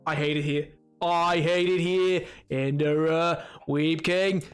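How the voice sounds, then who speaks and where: A man streaming a game live and chatting with his viewers, hoarse from hours of talking, animated and self-mocking, breaking into laughter often. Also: a little high, slow, faint music behind. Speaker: livestreamer. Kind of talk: casual gaming livestream chat.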